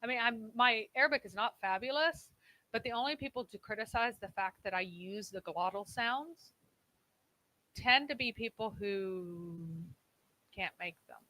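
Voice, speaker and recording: A woman's voice: a little high, moderate pace, sharp tone, rough recording. A woman who speaks English natively, a guest on a live stream, explaining points in an articulate, wry way. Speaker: guest co-host.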